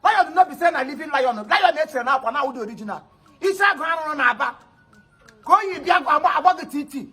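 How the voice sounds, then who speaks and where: A man playing an angry, shouting older Nigerian father in a comedy skit, scolding and threatening his daughter's suitor. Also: extremely high pitch, expressive, fast talker, faint music behind, exaggerated voice. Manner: loud scolding, insults and threats.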